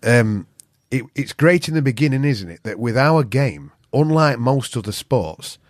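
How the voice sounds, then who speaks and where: A northern English man with a Yorkshire accent spins a rambling, sweary yarn as a podcast guest. His voice sits at an ordinary middle pitch. It is recorded close and dry. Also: a little slow, no room sound. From Northern England. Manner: swears freely, animated storyteller who acts out quotes. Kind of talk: casual storytelling.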